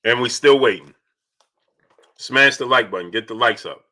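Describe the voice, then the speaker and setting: Male live-stream host, bright forceful tone, repetitive, shouts out viewers by name. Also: mid-range voice, moderate pace. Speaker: host of a boxing talk stream.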